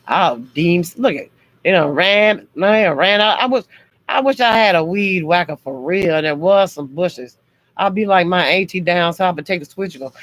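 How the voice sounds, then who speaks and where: A woman's voice: deep voice, low-quality recording. Blunt, harsh-sounding woman livestreamer. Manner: talks harshly and bluntly, as she says, but means no harm. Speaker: livestream host. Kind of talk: casual livestream chat.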